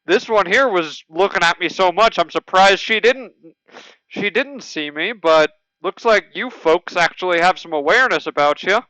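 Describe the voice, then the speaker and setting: A man voicing a male cactus shopkeeper with a stereotypical cowboy drawl, speaking slowly and easily. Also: high-pitched, no echo, highs cut off. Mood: folksy. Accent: stereotypical cowboy drawl, put on. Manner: slow, drawling, relaxed. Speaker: game master.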